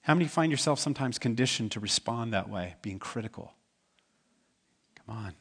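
A man's voice: mid-range voice, lively intonation, normal speed, fairly bright tone, husky. A man preaching a sermon as pastor, talking in a conversational way and asking the congregation questions. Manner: acts out quoted voices in the stories.

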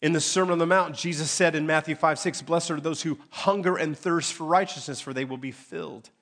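A man preaching from the pulpit in a church, with his voice sitting a touch higher than most men's. He slows down and leans hard on key phrases to drive them home. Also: fairly even intonation, a bit bright. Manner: emphatic, dramatic pauses on key phrases. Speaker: pastor. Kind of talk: sermon. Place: church sanctuary.

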